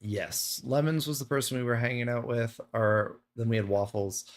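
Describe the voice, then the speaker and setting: A man's voice: mid-range voice, normal speed. Playful self-mocking male streamer. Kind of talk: live game stream chat.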